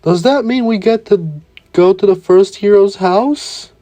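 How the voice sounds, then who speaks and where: Man as high-pitched fanboy teen student, excited. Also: unhurried. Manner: starry-eyed and excited. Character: eager fanboying teenage boy student.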